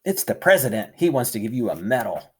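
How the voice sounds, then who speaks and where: Sly fast-talking tempter guy, a man reading him, wheedly salesman vibe. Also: medium pitch, sing-song, slightly rough. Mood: wheedling.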